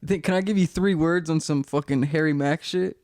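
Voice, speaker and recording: A man's voice: a little high, brisk, darkish tone, no echo, clean studio sound. A man with a Midwestern American accent hosting a casual podcast, joking and teasing in heavy slang with lots of swearing. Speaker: podcast host.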